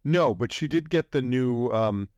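Male podcast co-host, mid pitch, hesitant and jokey, dry sound. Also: lively intonation, measured pace, darkish tone, no room sound. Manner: hesitant, many fillers, jokey. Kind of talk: casual chat.

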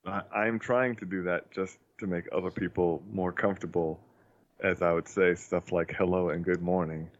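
A man's voice: low voice, fairly even intonation, moderate pace. A man telling family stories in a casual chat, chuckling as he goes. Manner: chuckles through his stories. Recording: dull lo-fi sound.

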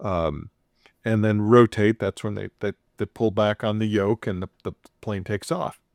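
A man's voice: lowish voice, moderate pace, gravelly, no room sound, clean studio sound. A man casually retelling a story on a podcast, playfully acting out the quoted voices with chuckles. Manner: animated retelling, acts out quoted dialogue with chuckles.

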